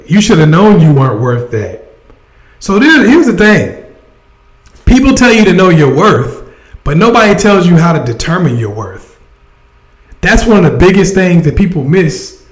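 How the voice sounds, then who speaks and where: A man hosting a casual livestream, giving advice and talking straight to his chat. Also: a little high. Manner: conversational, addresses chat directly. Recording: echoey room sound.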